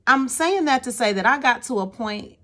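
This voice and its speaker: A woman's voice: sits high, expressive, moderate pace, fairly bright tone. A woman telling a personal story to her viewers in a casual, exasperated way. She often repeats words and checks in with "okay?".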